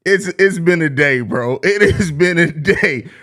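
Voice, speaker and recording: A young man hosts a live sports podcast, reading chat comments aloud. He jokes loosely and swears freely, and his voice sits a touch high for a man. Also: a little slow, bright, forceful tone. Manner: loose, profane, joking, reads viewer comments. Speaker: podcast host.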